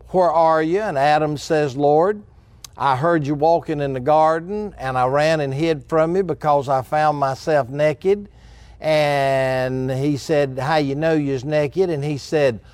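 A man's voice: a little high, a little mellow, no room sound. Preaching man with a dry, close sound. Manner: dramatic preaching, acting out Bible dialogue. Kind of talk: sermon.

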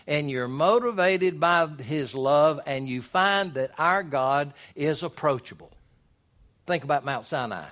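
A man's voice: fairly high pitch, expressive, measured pace, fairly bright tone. Emphatic male preacher. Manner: emphatic preaching with swells in volume, reading scripture aloud. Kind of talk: sermon.

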